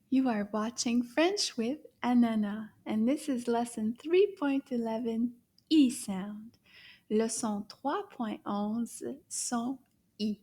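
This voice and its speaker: A woman teaching a French lesson to children, animated, gasping and slipping into whispers, drawing words out slowly for repetition. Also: a little high. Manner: animated, gasps and whispers to a puppet; slow, drawn-out repetition for children.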